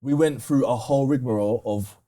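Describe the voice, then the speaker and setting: A man in his thirties with a London accent talks candidly as a podcast guest. His voice is warm and mellow at a middling pitch. He lays out his views bluntly, peppered with street slang. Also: brisk. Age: 30s.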